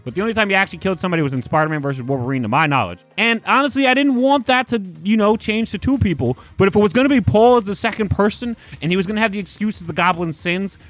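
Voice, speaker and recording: A man's voice: high-pitched, racing, hardly any pauses, fairly bright tone, dry recording, soft background music. A man hosting a casual commentary video, ranting in an exasperated, profane and mocking way. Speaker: comic commentary host.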